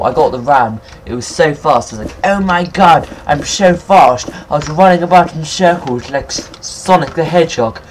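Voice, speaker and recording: A young man giving casual, excitable game commentary at his computer, swearing often and talking to himself. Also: mid-range voice, a little hiss or hum. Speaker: gaming video maker. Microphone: computer mic, no headset.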